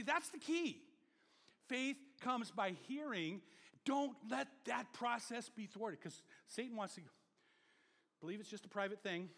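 In a large hall, a male pastor preaches animatedly, swinging between loud exhortation and low murmurs and prompting the congregation to repeat words after him.

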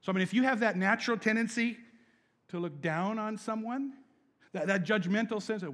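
Preaching as the pastor, a young adult man moves energetically between quiet scripture passages and loud bursts of laughing emphasis. He speaks briskly in a high-pitched voice, and the recording has a big-room sound.

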